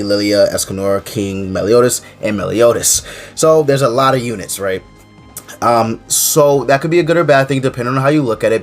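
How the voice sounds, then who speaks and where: A man with a mid-range voice, congested and stuffy from a cold, chats casually about a mobile game. He rambles with lots of fillers and keeps circling back to "to be honest". Quiet music plays faintly underneath. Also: medium pitch. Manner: rambling, filler-heavy, often says "to be honest". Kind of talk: casual gaming commentary.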